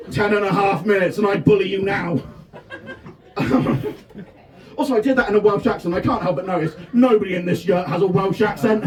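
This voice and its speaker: A man in his thirties from Devon performing a self-deprecating stand-up set at a festival tent, often shouting his punchlines. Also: high-pitched, recorded from a distance. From England (Devon). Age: 30s. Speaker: stand-up comedian. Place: festival tent with a live audience.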